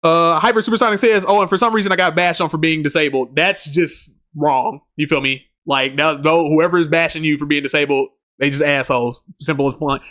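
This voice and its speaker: A man's voice: a little high, fairly even intonation, a little fast, hardly any pauses, a bit bright. A man streaming a game live, reading chat aloud in a laid-back, slangy way and laughing often.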